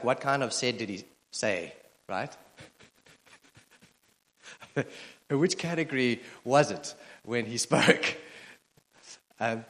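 A male pastor delivers a sermon in a casual, humorous way, trailing off into fillers and restarts. His voice sits at an ordinary middle pitch for a man. The sound carries the long, echoing reverb of a large church hall. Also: fairly bright tone. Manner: conversational, self-deprecating humor, frequent fillers. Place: church auditorium.

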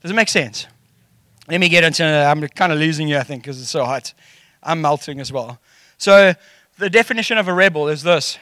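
A man's voice: a little high, fairly quick, bright, forceful tone, dry recording, studio quality. A middle-aged man with a South African accent preaching a casual, jokey sermon and acting out quotes. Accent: South African English.

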